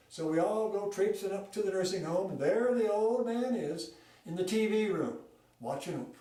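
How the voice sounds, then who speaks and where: Folksy high-voiced man in an echoey room. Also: moderate pace. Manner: folksy, with lively shifts in pace and volume. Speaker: storyteller. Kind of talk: telling a tall tale at a speaking club. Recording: echoey room, mic far off.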